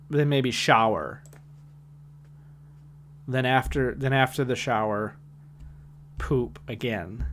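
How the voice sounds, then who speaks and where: Slow, rambling, deadpan man. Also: medium pitch, slight background noise. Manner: rambling, deadpan, self-mocking. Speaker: host reacting to his old videos. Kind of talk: casual reaction commentary.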